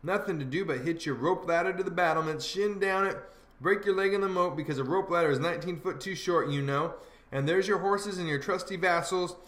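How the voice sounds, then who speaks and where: A man's voice: high-pitched, a little fast, a bit bright. A man voicing a bossy, know-it-all teenage boy who lectures in folksy dialect, in an audiobook reading. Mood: lecturing. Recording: roomy echo.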